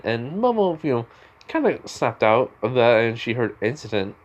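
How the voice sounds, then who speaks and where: A man tells a fan story in a loose, rambling way, circling back and restarting his sentences often. His voice sits at an ordinary middle pitch, and the telling feels offhand and unscripted. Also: very animated, normal speed, lo-fi sound. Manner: rambling, full of fillers and restarts. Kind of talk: casual retelling of a fan story.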